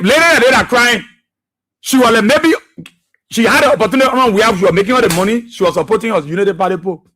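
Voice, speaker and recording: Husky high-voiced radio host. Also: male voice, pushed and bright. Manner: preachy, impassioned, repeats phrases for emphasis. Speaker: radio talk show host. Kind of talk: political commentary.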